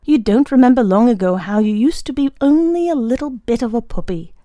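A woman reading a story aloud, voicing a kindly older working man who talks softly to his dog. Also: on the high side, expressive, fairly quick, dry recording, lightly acted. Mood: gentle. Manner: soft, kindly, quiet.

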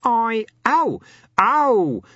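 A man's voice: very high-pitched, big pitch swings, very slow, fairly bright tone, no room sound, muffled recording, pitched above the performer's own voice, heavily acted. A man voicing a flustered, shifty male corporal who stammers and babbles in an audiobook reading.

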